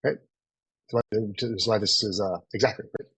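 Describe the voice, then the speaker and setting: Fast-talking husky male sales coach. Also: fairly low pitch, a bit bright, dry recording, rough recording. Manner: casual, profane, lots of "right?". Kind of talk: live online training session.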